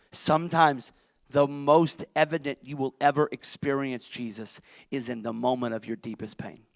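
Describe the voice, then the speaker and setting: A middle-aged male pastor preaching an impassioned sermon, swinging from shouts down to near-whispers. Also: mid-range voice, fairly even intonation, normal speed, creaky, no echo.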